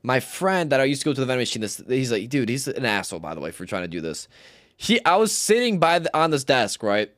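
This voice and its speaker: A man's voice: medium pitch, sing-song, quick pace, fairly bright tone, no room sound, studio quality. A young man streaming live, telling rambling, slangy stories and swearing often. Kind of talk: casual storytelling on a livestream.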